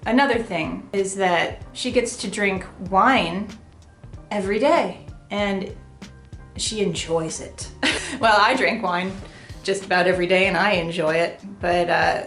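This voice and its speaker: A middle-aged woman from the United States talks straight to camera in a casual, animated vlog style, chatty and a little self-deprecating. Her voice sits in the middle of the range for a woman. The room is noticeably roomy and echoey, and soft music plays faintly underneath. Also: medium pitch, a little slow. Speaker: vlogger.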